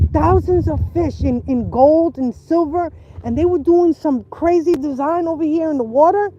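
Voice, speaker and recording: A woman chatting on a casual livestream outdoors by a river, talking in an animated, emphatic way and repeating herself for stress. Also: sits high, muffled recording, slight background noise.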